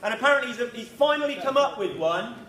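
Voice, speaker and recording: High-voiced wry man compering. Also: expressive, a bit bright. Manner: wry, halting with restarts. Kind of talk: casual event introduction. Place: school hall. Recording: echoey hall with faint noise.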